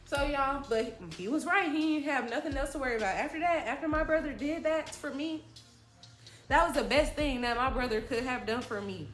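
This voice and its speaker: A woman's voice: sits high, fairly quick, fairly bright tone. A young woman telling a dramatic, slangy story from her childhood in a vlog. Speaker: vlogger. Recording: echoey room with faint music.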